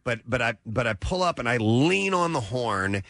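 A middle-aged man, co-hosting a show and telling a story in a casual, animated way. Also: medium pitch, normal speed, no room sound, studio quality. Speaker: radio show co-host. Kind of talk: casual chat.

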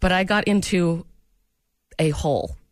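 A woman's voice: fairly low pitch, very animated, measured pace, dry recording. A woman hosting a morning radio show from a studio, chatting and telling stories in a self-deprecating way. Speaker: radio host.

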